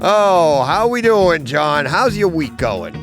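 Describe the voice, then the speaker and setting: A man with a voice pitched a little high, telling a story with big swings in his intonation and laughing along with his own jokes. He is co-hosting a relaxed podcast from a comic book store, with faint music underneath. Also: takes it slowly. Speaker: podcast co-host. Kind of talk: casual chat.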